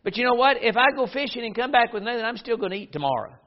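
A man's voice: very high-pitched, animated, racing, lo-fi sound. A man preaching a sermon to his congregation, earnest and rising to emphatic declarations.

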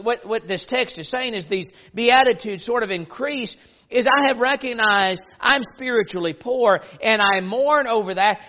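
A man's voice: high-pitched, muffled recording. A man preaching a sermon to his congregation, earnest and rising to emphatic declarations.

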